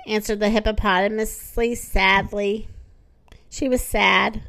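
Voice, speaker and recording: High, lilting woman reading a storybook. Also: a little slow, no room sound. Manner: gentle, expressive read-aloud delivery. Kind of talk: storybook read-aloud.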